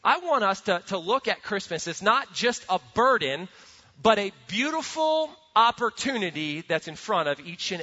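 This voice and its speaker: A man with a high, bright voice preaches earnestly in a large church hall, his words trailing off into a long echo. He tells stories with animation and repeats himself as he builds each point. The recording sounds somewhat muffled. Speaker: pastor. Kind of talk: sermon.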